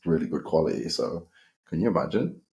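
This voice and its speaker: Deep-voiced, lively storyteller man. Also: fairly quick, creaky, slight background noise. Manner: animated, slangy storyteller. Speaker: podcast co-host, basketball player. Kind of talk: casual storytelling chat.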